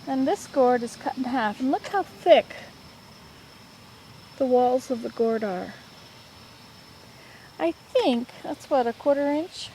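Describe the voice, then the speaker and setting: Older woman, casual vlog chat, higher pitched, meandering, faint background hum. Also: lively intonation, slow pace, long pauses, dark tone, poor audio. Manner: rambling, friendly, self-correcting. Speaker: vlogger. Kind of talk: casual chatty home update. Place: home in the southern US. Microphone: plug-in computer microphone.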